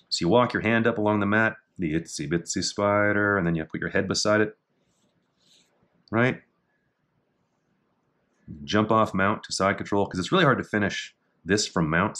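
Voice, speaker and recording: A middle-aged man casually talking through techniques in a martial arts book, with dry offhand asides and slow, halting reading of foreign terms. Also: low-pitched, a bit bright. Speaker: jiu-jitsu instructor reviewing a technique book. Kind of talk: casual commentary.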